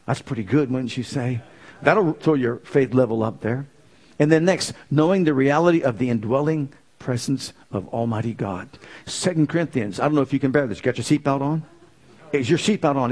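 A man preaching a sermon, firing off rhetorical questions and swinging from fervent exclamations down to low, quiet lines. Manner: rising to fervent exclamations, then dropping low; asks the audience rapid rhetorical questions.

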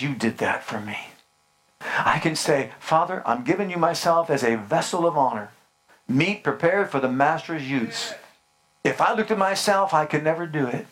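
A man's voice: fairly high pitch, a bit bright. A man preaching a sermon with fervent, emphatic declarations and rhetorical questions to his congregation.

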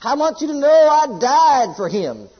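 A preacher voicing Jesus as a male advocate, pleading earnestly and stretching his words out slowly. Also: very high voice, sing-song, dull audio, voice pushed up, full character voice.

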